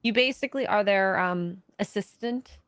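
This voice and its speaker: A woman's voice: mid-range voice, crowd noise. A woman co-hosting a podcast, chatty and playful in casual talk. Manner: chatty, playful, quick to laugh. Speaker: co-host.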